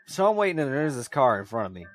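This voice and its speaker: A man's voice: mid-range voice, sing-song, fast, no room sound. Male co-host in his thirties, dry close sound, ranting and profane, casual. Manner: ranting, worked-up storytelling with heavy swearing. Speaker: podcast co-host. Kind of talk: casual chat.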